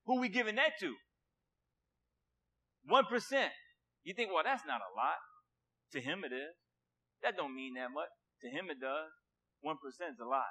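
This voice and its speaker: In a high-pitched voice, a man preaches a sermon with passion. He drops to a hush and then rises loud again, repeating words for emphasis.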